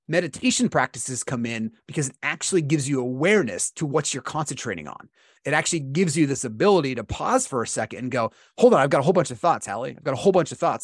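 A man co-hosting a podcast, explaining meditation in a relaxed conversational way, often checking in with "right?" and acting out his inner dialogue. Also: medium pitch, no room sound, studio quality. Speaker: podcast co-host teaching meditation. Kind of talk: casual explanatory podcast talk.

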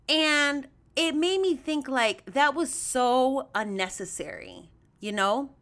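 Animated chatty woman, fairly high voice. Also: slow pace. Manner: animated, acts out quoted voices with big pitch jumps; chatty, addresses listeners as y'all. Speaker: podcast host. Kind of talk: casual storytelling monologue.

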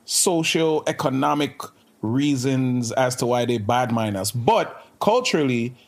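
Jamaican-accented man in lively chat. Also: mid-range voice, a little slow, creaky. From Canada. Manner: animated, with many restarts. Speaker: podcast guest. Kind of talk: casual chat.

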